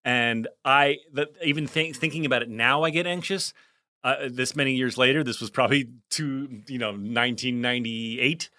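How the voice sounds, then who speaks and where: Man, bright tone, chatty podcast co-host, rambling anecdotes. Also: mid-range voice, moderate pace. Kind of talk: casual chat.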